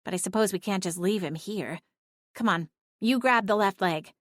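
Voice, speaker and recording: A woman's voice: medium pitch, moderate pace, fairly bright tone, no echo, close to an everyday voice. A woman voicing a small, sassy female talking cat who is bossy and bloodthirsty, in a dry audiobook reading. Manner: snarky, bossy, dramatic.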